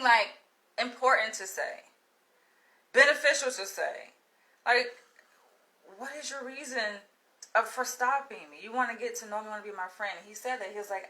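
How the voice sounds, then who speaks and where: A woman from Florida telling a story to her followers in a casual vlog, blunt and profane, with an animated delivery. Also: mid-range voice, normal speed, low-quality recording. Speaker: vlogger.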